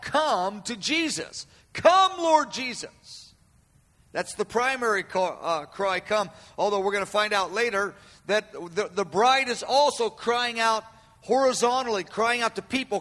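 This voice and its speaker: Guy preaching a sermon, high bright voice, lots of hall reverb, keeps repeating himself for emphasis. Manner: emphatic, repeats phrases, swells loud and slow on quoted cries. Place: room with an audience.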